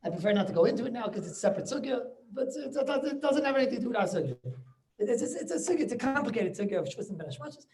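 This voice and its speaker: Over a video call, a rabbi teaches a Talmud class in a very high, slightly mellow voice that swings widely in pitch. He repeats words and restarts as he goes, and keeps firing quick questions to check that his listeners follow.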